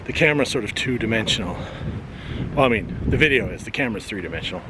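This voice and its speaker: Speaking fast and expressively in a fairly low voice, a man vlogs casually on a windy coastal cape, joking dryly and getting out of breath at times on a steep hill. A loud crowd comes through the noisy outdoor camera audio.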